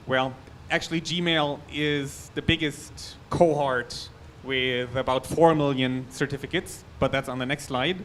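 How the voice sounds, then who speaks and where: A man's voice: mid-range voice, fairly even intonation, a little slow, few pauses, a bit bright, slight background noise. A man with a German accent giving a conference talk on a technical topic, loose and chatty, with restarts and asides. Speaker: conference speaker. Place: conference hall.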